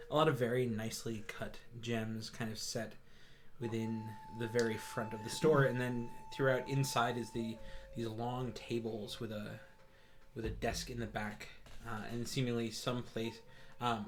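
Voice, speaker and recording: A man in a mid-range voice narrating a tabletop game. He describes each scene in rambling detail, often pausing to search for the right word, with faint noise behind him. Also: medium pitch. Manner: descriptive, many fillers and restarts. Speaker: game master.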